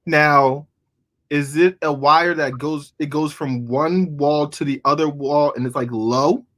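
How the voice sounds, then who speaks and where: A man's voice: a little high, unhurried, fairly bright tone. A man hosting a live comedy show, asking questions playfully. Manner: playful teasing. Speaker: host. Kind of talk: casual interview questions.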